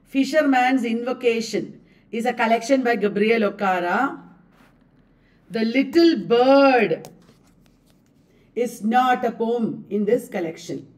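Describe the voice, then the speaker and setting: A woman lecturing at a slow, deliberate pace and drilling her students through exam questions. Her fairly high voice sounds a little removed from the microphone, as in a classroom recording. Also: darkish tone, far from the mic. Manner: quizzing students with repeated questions. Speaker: English literature exam coach.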